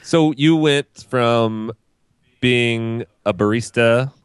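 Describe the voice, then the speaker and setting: A man's voice: medium pitch, drawn-out words, clear, resonant tone, no echo, studio quality. A man hosting a podcast, asking friendly, open questions and joking with his guest. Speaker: podcast host. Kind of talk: casual interview.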